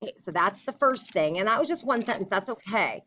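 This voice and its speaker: Teacher woman dictating a letter slowly. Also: mid-range voice, animated, sharp tone, dull audio. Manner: slow and deliberate when dictating, chatty in between. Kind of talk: recorded classroom writing lesson.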